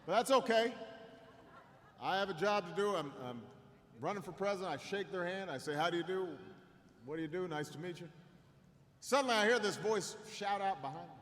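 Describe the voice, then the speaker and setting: A middle-aged man telling a story in a campaign speech, stumbling over repeated words and building to shouts. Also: high-pitched. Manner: halting repetitions, slow build to shouted climax. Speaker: political candidate speaking at a rally. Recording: long reverb in a large hall, faint noise.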